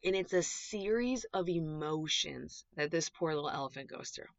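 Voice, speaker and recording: A woman hosting her own podcast as a dog trainer, chatty and animated, gushing as she talks in a casual way. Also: deep voice, moderate pace, no room sound. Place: small closet recording space. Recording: dull, dry closet recording.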